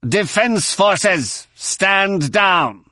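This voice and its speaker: A man voicing a menacing alien invader commander who gives slow, thundering orders over a comm channel. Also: high voice, animated, sharp tone, no echo, clean studio sound, voice pushed up, exaggerated voice.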